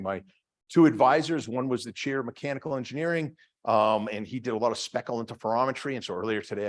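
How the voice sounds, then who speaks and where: A middle-aged man with a Boston accent, a department head giving a chatty, self-deprecating talk to an audience, with many fillers and restarts. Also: medium pitch. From Massachusetts. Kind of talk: lecture to an audience.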